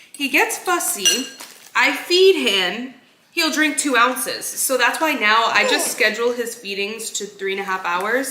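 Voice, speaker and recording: A chatty young woman vlogging from her kitchen, bright and forward in tone. She talks between bites, loose and casual. The room is echoey, with faint clatter of dishes behind her. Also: medium pitch, a little hiss or hum. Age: young adult. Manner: chatty, talks while eating. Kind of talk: casual vlog chat.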